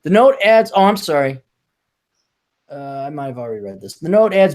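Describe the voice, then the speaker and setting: A man's voice: a little high, very animated, moderate pace, pauses often. A man hosting a podcast, chatting casually and reading a news story aloud with sarcastic asides. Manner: sarcastic, mocking, laughs at the story. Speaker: podcast host.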